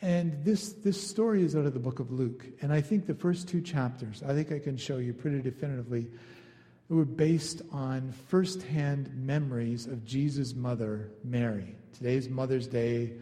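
A man's voice: medium pitch, normal speed, mellow. Conversational male pastor in a reverberant hall. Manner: conversational, acts out quoted lines. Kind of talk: sermon.

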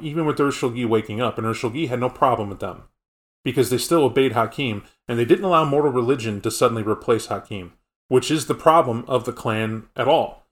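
Mid-pitched male podcast co-host, casual and explanatory. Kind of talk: casual tabletop game lore chat.

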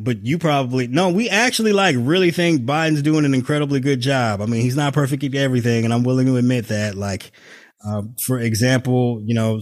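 A man co-hosting a podcast over a video call, talking in a casual, profane, sarcastic way and laughing often. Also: mid-range voice. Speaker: podcast co-host. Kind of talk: casual political chat.

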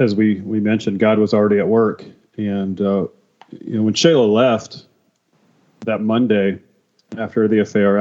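A man telling his personal testimony as a podcast guest, emotional and halting, with many restarts. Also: on the low side, a little mellow, lo-fi sound.

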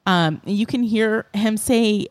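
A woman co-hosting a podcast, retelling a true-crime case in a casual, animated way with lots of fillers. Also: mid-range voice, takes it slowly, dry recording. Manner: animated storyteller with many fillers. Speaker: podcast co-host.

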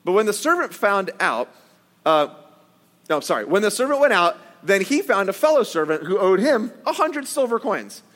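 A man's voice: sits high, big pitch swings, moderate pace, fairly bright tone, long reverb tail. A man preaching a casual sermon, conversational, with joking asides and acted-out quotes. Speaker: pastor.

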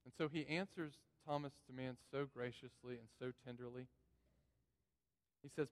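A man's voice: mid-range voice, fairly even intonation, normal speed, pauses often. A man preaching a sermon in a church, earnest and repeating key phrases for emphasis. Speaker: pastor. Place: church sanctuary. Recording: long reverb of a church hall.

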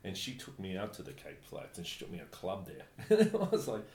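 A man from New Zealand telling travel stories in casual chat, animated and laughing often. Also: sits low, a little fast, gravelly. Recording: echoey room, faint background noise.

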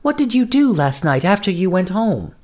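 A man's voice: high voice, big pitch swings, moderate pace, darkish tone, pitched above the performer's own voice. A man voicing a frightened young woman in a storybook tale, pleading and trembling as she speaks. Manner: tremulous, pleading.

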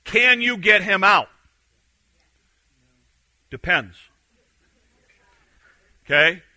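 A man preaching a sermon, animated and acting out the quotes he reads, swinging between loud and hushed. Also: sits high, very slow, no echo, poor audio.

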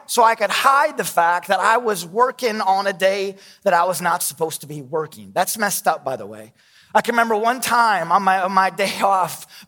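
A man's voice: sits high, pushed and bright, big-room sound. A man in his thirties, a pastor, preaching a sermon with candid, self-deprecating storytelling.

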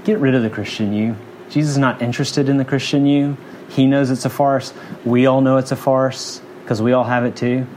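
A man's voice: medium pitch, fairly even intonation, brisk, a little mellow, slight background noise. A man preaching a sermon in an earnest, conversational way, building through repeated phrases. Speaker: pastor.

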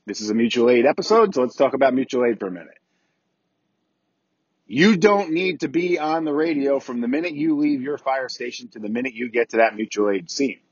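Plainspoken man, slightly husky voice. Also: mid-range voice, no echo, muffled recording. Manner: plainspoken, repeats key points, asks rhetorical questions. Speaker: podcast host, volunteer fire chief. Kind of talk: casual instructional talk.

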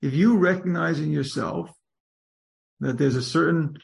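A rabbi teaches a study group in a loose, conversational lecture. His slightly high voice has a gravelly edge, and he keeps restarting sentences and asking rhetorical questions as he works through the text. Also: a little slow. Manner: thinks aloud with many restarts and rhetorical questions.

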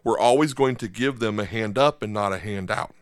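A man's voice: fairly low pitch, brisk, clear, resonant tone, no echo. Conversational man preaching a sermon. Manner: conversational, asks the congregation for agreement. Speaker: pastor.

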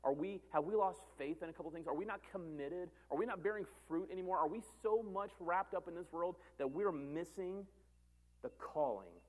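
Preaching with conviction, a thirtysomething male pastor speaks at a moderate pace with a voice that sits high. He drives points home by repeating phrases, his volume rising and falling.

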